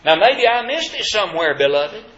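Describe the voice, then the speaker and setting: Man preaching, lots of rhetorical questions, high voice swinging all over, roomy and kinda muffled. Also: very animated, moderate pace, bright, forceful tone. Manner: emphatic, rhetorical questions, addresses congregation as beloved. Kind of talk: sermon.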